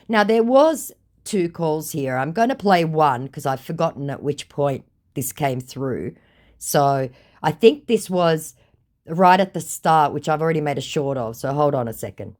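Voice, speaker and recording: A woman's voice: deep voice, animated, moderate pace, darkish tone. A woman reads out a chat with a scammer in sarcastic, mocking casual commentary. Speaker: vlogger exposing scammers.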